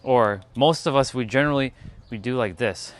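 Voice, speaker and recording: A man's voice: mid-range voice, moderate pace. A man talking loosely in a casual vlog, meandering with many fillers, outdoors on a hot day. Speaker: spiritual vlogger.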